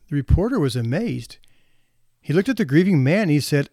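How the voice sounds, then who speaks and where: Man, podcast host, earnest, measured reflective storytelling, reads with pauses, dry close sound. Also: fairly high pitch, very animated, warm tone, no echo.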